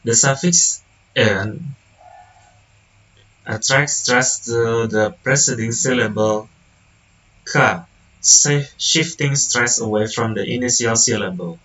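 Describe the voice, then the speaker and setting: A young man, a student whose first language is Indonesian, reading a class presentation haltingly, with restarts and self-corrections. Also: medium pitch, sharp tone, recorded from a distance, highs cut off. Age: young adult.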